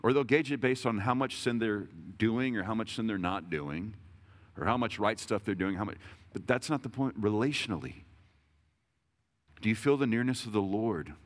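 A man's voice: on the low side, normal speed. A man in his thirties preaching a sermon in a conversational, self-deprecating way, with jokes and frequent restarts. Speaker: pastor.

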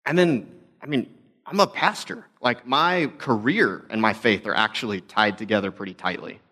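A man's voice: lowish voice, moderate pace, pushed and bright. A young adult man, a pastor, telling stories in a conversational, self-deprecating sermon talk.

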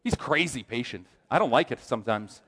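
A man's voice: medium pitch, a little fast, some chatter behind. A man telling a personal testimony as a sermon, acting out the voices of the people in his story. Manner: animated storyteller, acts out quoted voices. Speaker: aspiring chaplain giving a testimony.

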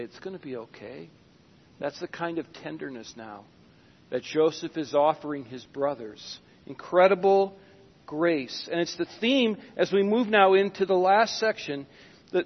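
A man preaching a sermon as pastor, dramatic, with sudden hushed drops and acted-out Bible scenes. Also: high voice. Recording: dull sound with long hall reverb.

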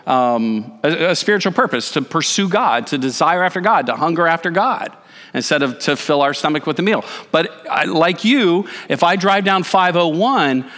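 A man in his forties, a pastor giving a conversational sermon with animated, self-deprecating asides. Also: on the high side. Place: church sanctuary. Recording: reverberant church hall.

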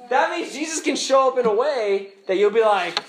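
Pastor, male, high and bright, loose animated preaching in a reverberant hall. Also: normal speed, a little hiss or hum. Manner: animated, laughing, conversational preaching. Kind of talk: sermon. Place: camp meeting hall. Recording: echoey hall.

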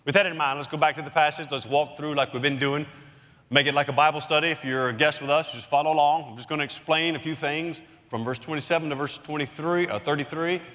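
Guy pastor preaching in a church, bright kinda forceful voice, long hall echo. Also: on the high side, fairly even intonation. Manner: expository Bible teaching, emphatic dramatic pauses. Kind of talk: sermon. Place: church sanctuary.

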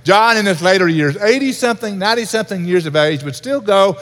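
A pastor delivering an earnest sermon in a church, repeating key points for emphasis. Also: male voice, high-pitched, expressive, fast, a bit bright. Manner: earnest preaching with repetition. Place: church sanctuary. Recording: reverberant hall.

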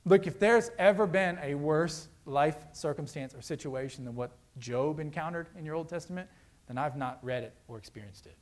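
A man preaching a sermon as pastor, earnest and conversational, swinging between loud emphasis and hushed, quiet lows. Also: moderate pace.

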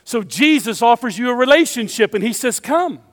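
A man's voice: extremely high pitch, lively intonation, normal speed, big-room sound. A man preaching a sermon in a church, emphatic and repeating his key phrases.

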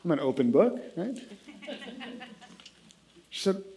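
A man in his thirties preaching a sermon, telling a self-deprecating funny story in an animated way. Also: a little high, takes it slowly. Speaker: pastor.

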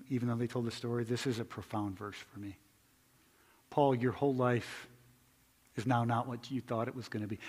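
A male pastor preaching a conversational sermon, moving between loud emphatic stretches and hushed quiet ones. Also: medium pitch, breathy edge, big-room sound.

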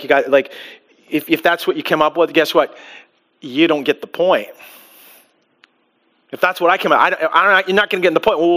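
A man preaching a sermon to a live congregation as pastor, animated, with frequent restarts and acted-out quotes. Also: on the high side. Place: church before a live congregation.

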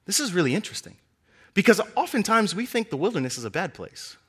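A young man preaching a sermon, telling scripture stories with animated delivery and acting out the characters' lines. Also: fast, slightly rough. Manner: animated storytelling, acting out characters with big pitch swings.

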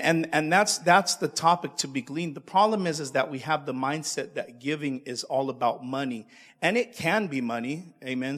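A man's voice: fairly high pitch, fairly bright tone, big-room sound. A male preacher delivering a sermon, calling out to the congregation and repeating himself as he goes. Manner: call-and-response, stumbling repeats.

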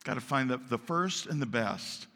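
A preacher voicing an earnest young shepherd who eagerly mutters to himself in a lowered voice. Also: male voice, animated, moderate pace, sharp tone. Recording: long church reverb.

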